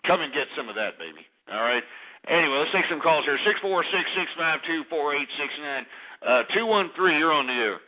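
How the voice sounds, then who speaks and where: A man hosting a call-in radio show, ranting loudly and profanely at callers. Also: fairly high pitch, animated, a little fast. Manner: loud, profane ranting with angry outbursts. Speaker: talk radio host. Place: radio studio in Texas. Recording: tinny phone-line sound.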